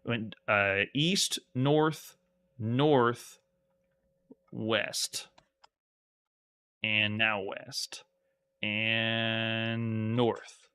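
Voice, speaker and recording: A man with a bright, forceful voice commenting on a live retro game stream. He calls out moves one by one and reads the game text aloud, breaking off now and then for friendly asides to his viewers. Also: mid-range voice. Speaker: streamer playing retro games.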